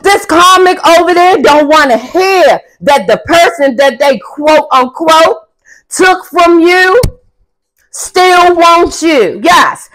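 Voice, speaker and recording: A young woman talks through a casual tarot reading in a high voice, taking her time over each phrase. She is blunt, sassy and profane, and now and then she bursts out loud for emphasis. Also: rough recording. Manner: emphatic, often loud outbursts. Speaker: tarot reader.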